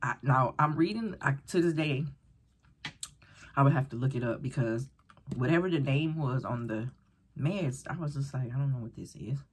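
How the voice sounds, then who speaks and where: Very husky woman telling a story. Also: a bass voice, normal speed. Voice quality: very breathy, husky. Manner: animated, acts out quoted voices, rambling restarts. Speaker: vlogger. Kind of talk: casual storytelling while eating.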